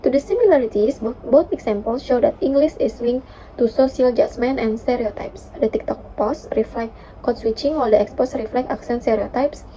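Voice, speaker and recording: A young woman, a university student, reading a class presentation with careful, steady delivery and occasional fillers. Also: fairly high pitch, fairly quick, a little hiss or hum. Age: young adult. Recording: dull lo-fi recording.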